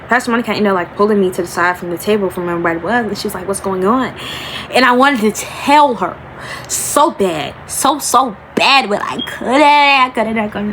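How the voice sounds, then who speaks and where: A woman's voice: medium pitch, fairly bright tone, slight background noise, low-quality recording. Young woman telling a story. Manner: emotional, rambling, addresses viewers as y'all, slows and rises on emphasis. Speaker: vlogger. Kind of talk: storytime vlog talking to camera.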